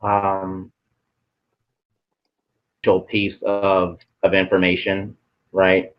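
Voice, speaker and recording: A man's voice: low voice, completely flat delivery, very slow, muffled recording. A man channeling messages in a casual, hesitant way, with many ums and some casual swearing.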